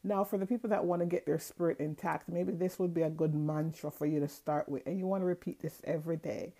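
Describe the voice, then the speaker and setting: A woman hosting a casual spiritual talk, chatty, repeating affirmations slowly and deliberately. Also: fairly low pitch, fairly even intonation, dark tone. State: out of breath. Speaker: host.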